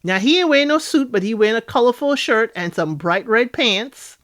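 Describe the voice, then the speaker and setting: A woman hosting a casual reality TV recap, chatty and animated, acting out the cast members' lines in playful voices. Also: fairly high pitch, fairly quick.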